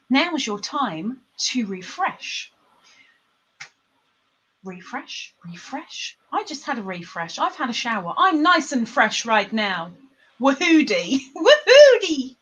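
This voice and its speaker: A woman's voice: fairly high pitch, sing-song, measured pace, pushed and bright, breathy edge. A woman hosting a live stream in casual chat, playful and laughing often. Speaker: livestream host.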